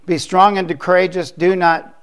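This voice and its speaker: A middle-aged man preaching a sermon as pastor, slow and emphatic, repeating key phrases for weight. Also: high voice, level tone, smooth.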